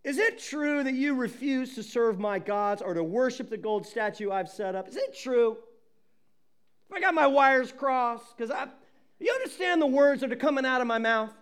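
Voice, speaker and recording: A man's voice: very high voice, expressive, normal speed, fairly bright tone, clear, resonant tone. A man acting out a boastful, enraged ancient king in a sermon, blustering and mocking. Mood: indignant. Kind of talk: sermon retelling with acted quotes.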